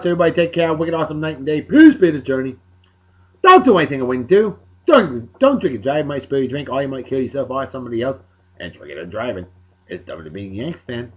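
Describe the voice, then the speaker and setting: A man's voice: fairly high pitch, lo-fi sound. A man hosting a daily show, running through historical dates in casual commentary, joking with playful emphasis. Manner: jokey, wisecracking asides with playful emphasis. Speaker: host of a daily beer and song show.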